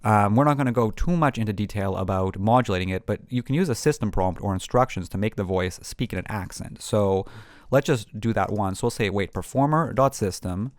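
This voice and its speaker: Male tutorial host with a lowish voice, chatty and unscripted, full of fillers, dry close sound. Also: fairly quick, no echo. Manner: rambling, many ums and restarts. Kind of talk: casual screen-recorded tutorial.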